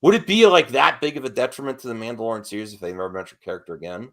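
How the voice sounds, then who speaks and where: A man's voice: medium pitch, very fast, a bit bright. A man hosting a casual panel chat, talking in an opinionated way with emphatic repeats.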